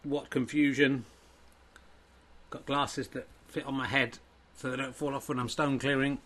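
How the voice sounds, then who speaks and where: A man hosting and commentating his own comic snooker tournament in an excitable, sweary, self-mocking way. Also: medium pitch, measured pace.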